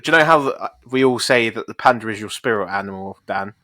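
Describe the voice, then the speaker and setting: A man's voice: lowish voice, fast, sharp tone, no room sound, clean studio sound. A young man co-hosting a podcast, swearing, teasing and laughing as he talks. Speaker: podcast co-host. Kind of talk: casual chat.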